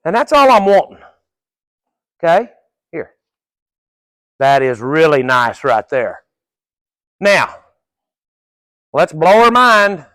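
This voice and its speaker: A middle-aged man coaches through a horse training session in a folksy, plain-spoken manner, tossing in a casual curse now and then. His voice sits fairly high and he takes his time. The sound is dry and close, with little room echo. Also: sing-song, slow, pauses often, sharp tone. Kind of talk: live training-session instruction.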